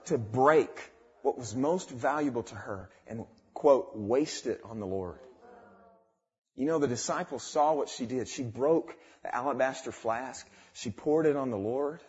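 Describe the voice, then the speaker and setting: A young man giving a fervent testimony in a sermon, dropping quiet and then rising to exclamations. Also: medium pitch, measured pace. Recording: dull lo-fi recording.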